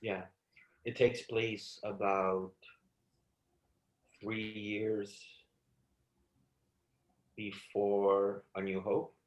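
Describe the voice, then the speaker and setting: A man in relaxed casual chat who asks easygoing questions. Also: fairly low pitch, drawn-out words, pauses often, roomy sound, rough recording. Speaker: co-host.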